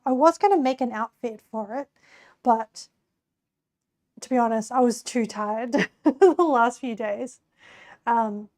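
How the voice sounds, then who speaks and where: A young woman streaming from home, talking casually to her chat with a hoarse, squeaky voice she says she is losing, rambling and laughing often. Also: darkish tone, no room sound, studio quality. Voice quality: squeaky, creaky voice. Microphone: desk mic.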